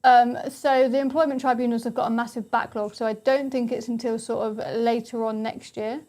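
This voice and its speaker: A woman's voice: a little high, flat delivery, a little fast, dark tone. A young woman guest on a talk radio show, making her case earnestly in long run-on sentences. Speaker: studio guest. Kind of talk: casual talk radio discussion.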